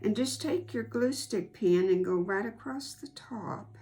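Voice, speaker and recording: Slow, gravelly-voiced woman teaching sewing. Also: medium pitch, a little mellow, a little hiss or hum. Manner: unhurried, homey step-by-step explaining. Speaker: quilting instructor. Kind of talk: hands-on sewing tutorial.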